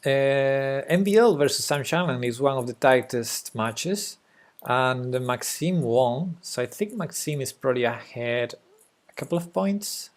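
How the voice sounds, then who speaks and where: A young man with a Spanish accent, a native Spanish speaker, giving casual live-stream chess commentary in a hesitant way with fillers and soft laughs. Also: medium pitch, animated, a little slow.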